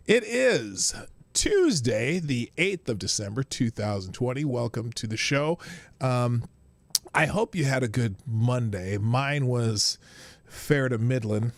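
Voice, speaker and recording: A man's voice: mid-range voice, no echo. Chatty man hosting a live stream. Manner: rambling, chatty, greets viewers by name. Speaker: livestream host. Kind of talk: casual live-stream chat.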